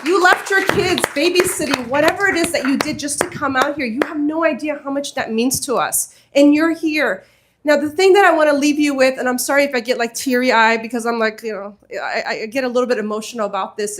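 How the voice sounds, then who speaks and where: High-voiced woman giving an impassioned speech. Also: fairly quick, a bit bright. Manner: heartfelt and earnest, building to urgent appeals. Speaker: community organizer. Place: community hall at a mosque event.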